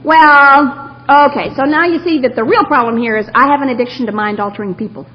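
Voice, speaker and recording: Captured on a lo-fi tape in a hall, a woman from Texas tells her personal recovery story to a live audience at a meeting. Her voice is high and fairly quick, and she laughs often, telling it with humor.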